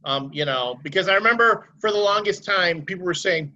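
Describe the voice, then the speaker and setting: A man's voice: high voice, fairly quick, pushed and bright. A man co-hosting a casual chat, rambling and swearing freely. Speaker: podcast co-host. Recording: dull lo-fi sound.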